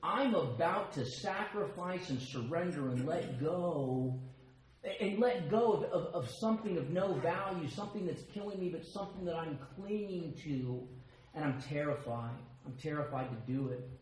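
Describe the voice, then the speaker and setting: An American man speaks with a fairly high voice, animated and full of self-mocking humor as he tells his story at a recovery meeting. The sound is very echoey, as if picked up in a big hall. Faint background ambience runs underneath. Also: moderate pace, a little hiss or hum. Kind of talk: personal share talk.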